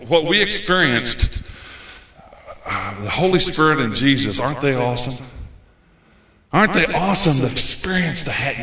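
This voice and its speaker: A man's voice: medium pitch, bright, forceful tone. A man preaching a sermon as pastor, a folksy storyteller who acts out his own past words. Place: church sanctuary. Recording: echoey church hall.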